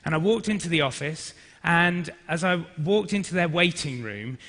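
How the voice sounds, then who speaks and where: A man's voice: on the high side, moderate pace. Man telling a story in a hall. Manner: lively anecdotal storytelling with acted-out quotes. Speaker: speaker at a business forum. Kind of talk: storytelling talk to an audience. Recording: reverberant hall.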